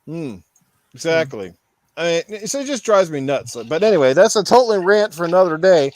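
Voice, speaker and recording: A man's voice: fairly high pitch, big pitch swings, brisk, no room sound. A man, hosting a casual podcast, ranting heatedly with lots of swearing. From Newfoundland, Canada. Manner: heated, swearing, mocks store clerks in put-on voices. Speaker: podcast host. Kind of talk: casual profane rant.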